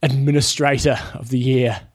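A man's voice: mid-range voice, fairly even intonation, normal speed, a little mellow, breathy edge. A New Zealand man co-hosting a radio show, answering in a laid-back, dry way. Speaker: radio co-host. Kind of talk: casual banter.

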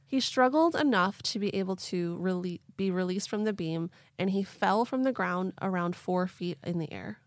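A woman's voice: medium pitch, normal speed, hardly any pauses, no echo, studio quality. A woman hosting a podcast, telling a story in a chatty, playful way with lots of fillers. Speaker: podcast host. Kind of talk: casual storytelling chat.

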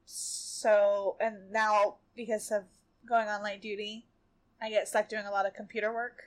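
A pregnant, tired woman co-hosting a casual podcast, an animated storyteller who laughs often. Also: mid-range voice, unhurried. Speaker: podcast co-host. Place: home bedroom.

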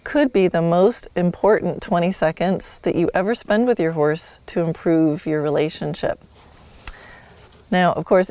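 A woman's voice: fairly low pitch, warm tone, no echo. A woman teaching horsemanship in a friendly, easygoing way. She laughs often and acts out how a horse might reply. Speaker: horsemanship instructor. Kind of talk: teaching an online course lesson.

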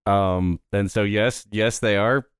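Chill guy at a tabletop game, smooth voice, dry mic. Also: on the low side, steady tone, slow pace, no room sound. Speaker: player. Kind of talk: casual chat.

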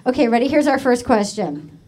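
A woman's voice: on the high side, lively intonation, dark tone. A woman from Rhode Island hosting a talk show, joking and laughing as she chats with a guest. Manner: joking, rapid, laughing often. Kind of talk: late-night talk show chat. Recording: studio audience crowd noise. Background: studio audience.

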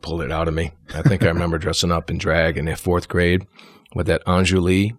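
A man's voice: deep voice, fairly quick, no room sound. A man from New York, an actor, chatting in an interview and acting out the lines he quotes. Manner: animated storyteller, acts out quoted lines. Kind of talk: casual interview chat.

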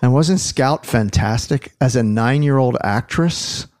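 A man's voice: medium pitch, measured pace, a little mellow. A middle-aged man hosting a podcast in casual chat, rambling with restarts and playful teasing. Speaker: podcast host.

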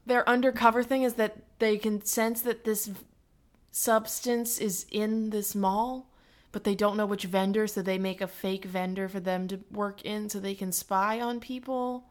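A woman's voice: medium pitch, fairly even intonation, unhurried. A woman co-hosting a podcast in casual chat, asking questions and reacting. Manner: chatty, asks questions, reacts briefly. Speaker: podcast co-host.

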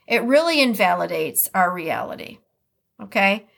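A woman's voice: medium pitch, normal speed, creaky. Chatty Midwestern woman podcast host. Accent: Upper Midwest American. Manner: chatty, reflective, reads quotes aloud then comments. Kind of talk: casual podcast monologue.

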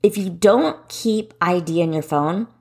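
A woman's voice: fairly low pitch, a little slow, a little mellow, breathy edge. A woman in her forties hosting a solo podcast, giving running tips in a direct, encouraging way. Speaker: podcast host and running coach.

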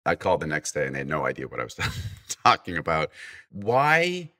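A man's voice: a bass voice, huge pitch swings, brisk, bright, forceful tone. A man guest telling a long anecdote in casual conversation, full of restarts and acted-out quotes. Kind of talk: casual storytelling.

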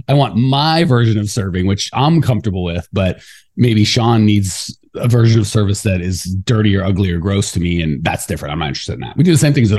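A man co-hosting a podcast in casual chat, talking fast and getting fired up, acting out quoted voices along the way. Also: lowish voice. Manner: fast, animated, ranty. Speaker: podcast co-host.

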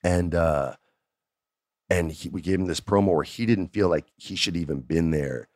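A middle-aged man from the United States telling a story in a casual, animated way, with lots of fillers and restarts. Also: low-pitched, normal speed, dry recording, clean studio sound.

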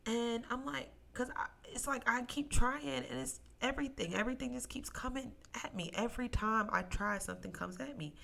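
Bright-voiced young woman telling her story. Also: fairly high pitch, a little fast, vocal fry, few pauses. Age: young adult. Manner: emotional, near tears, testimony-like; animated, addresses listeners as y'all. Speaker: podcast host. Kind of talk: casual solo podcast storytelling.

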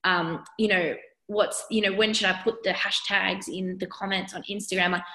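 A woman's voice: mid-range voice, fairly even intonation, normal speed, sharp tone, roomy sound. A woman with an Australian accent, a business owner guesting on a podcast, talking in a chatty way full of "like" and "you know". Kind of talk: conversational podcast interview.

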